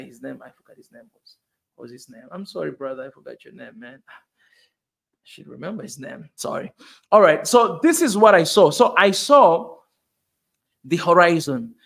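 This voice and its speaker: Man in his forties, high voice, fervent preachy host talking to camera, repeats phrases for emphasis. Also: a bit bright. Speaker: video host. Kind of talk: impassioned motivational monologue.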